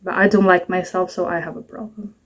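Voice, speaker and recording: A woman's voice: lowish voice, fairly even intonation, a little fast. A woman in her twenties chatting to camera in a rambling, self-mocking way, at home at night. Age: 20s. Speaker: vlogger. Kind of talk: casual talking-to-camera vlog.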